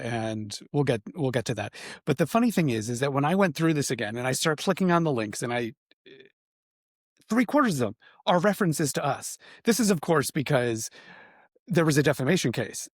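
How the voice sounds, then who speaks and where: A man's voice: mid-range voice, no echo. Guy hosting a panel chat, wry and chatty, dry close sound, mid voice. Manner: wry, chatty, joking asides. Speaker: host. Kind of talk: casual panel discussion.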